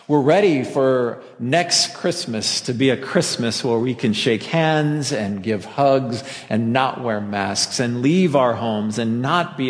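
A pastor delivering a Christmas sermon in a church before a masked congregation, talking conversationally and joking at his own expense. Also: medium pitch. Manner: conversational preaching with self-deprecating jokes. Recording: long hall reverb.

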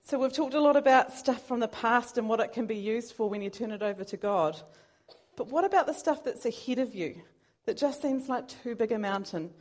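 A woman with a mid-range, somewhat dark voice preaches a sermon. She's earnest and conversational, occasionally making fun of herself.

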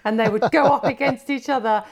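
A woman's voice: a little high, brisk, creaky, a loud crowd. A woman co-hosting a casual comedy chat, telling dry, wry stories with sudden bursts of mock outrage.

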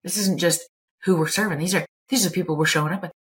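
A woman's voice: on the low side, fast, a bit bright. A middle-aged woman, a clinical psychologist talking candidly as an interview guest, emphatic and blunt, swearing casually.

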